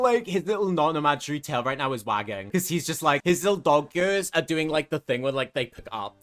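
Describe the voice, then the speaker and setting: Bright, chatty male game narrator. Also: mid-range voice. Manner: chatty, filler-heavy, swears. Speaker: gaming streamer. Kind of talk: casual let's-play narration.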